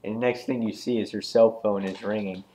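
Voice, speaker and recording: Low-voiced casual comic reviewer. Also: male voice, steady tone, a little fast, dark tone. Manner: rambling with frequent ums and restarts.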